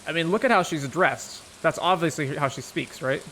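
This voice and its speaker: Casual male game streamer, chatty explainer, a bit high-pitched, noisy background. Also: normal speed, fairly bright tone. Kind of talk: casual gameplay commentary.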